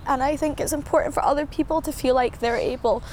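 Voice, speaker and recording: Young woman, high voice, earnest, reflective, faint noise behind. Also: fairly even intonation, fast, a little mellow. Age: 20s. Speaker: interviewee. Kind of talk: recorded interview.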